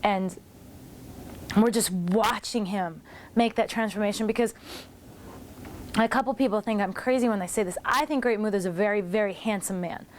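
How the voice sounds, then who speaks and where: A woman in her forties recounts old backstage stories in a relaxed, animated way, slipping into quick acted-out quotes from the people she describes. Her voice sits at a middle pitch, and a faint hiss of background noise runs under the recording. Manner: animated, acts out others' lines in quotes. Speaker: former wrestler recalling her career. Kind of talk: casual storytelling commentary.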